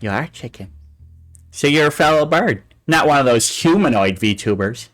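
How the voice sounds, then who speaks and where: A man's voice: medium pitch, animated, moderate pace, a bit bright, faint music behind. Gushing, rambling male livestream host. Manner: gushing, cooing over pictures; rambling with many fillers and restarts. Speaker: talk show host. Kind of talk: casual livestream chat show.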